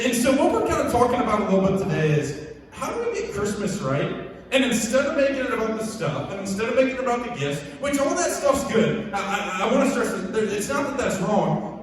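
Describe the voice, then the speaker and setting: A man's voice: high voice, sing-song, a little fast. A young man leading a youth group talk in a church hall, upbeat and joking as he calls out to the crowd. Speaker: youth pastor. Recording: echoey hall, mic from a distance.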